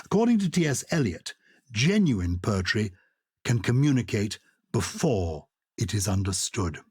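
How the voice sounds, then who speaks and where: An older man co-hosting a podcast, explaining poetry with lively enthusiasm and reciting verse with emphatic rhythm. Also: on the low side, a little slow, husky, no room sound, clean studio sound. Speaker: podcast co-host.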